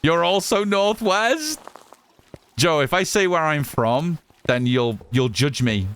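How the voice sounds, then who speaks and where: A chatty English man with a smooth, clean voice at an ordinary middle pitch. He streams a game live, talking through it and answering his chat in an easy, rambling way that circles back on its own phrases. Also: lively intonation, a little slow, fairly bright tone. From Northwest England, Cheshire. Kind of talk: casual live gameplay chat.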